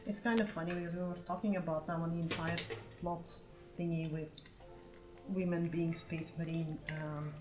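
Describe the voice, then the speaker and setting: A woman's voice: lowish voice, flat delivery, normal speed, music in the background, low-quality recording. Rambling, foul-mouthed woman streamer. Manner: rambling, swears freely. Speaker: art streamer. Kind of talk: casual chat while painting.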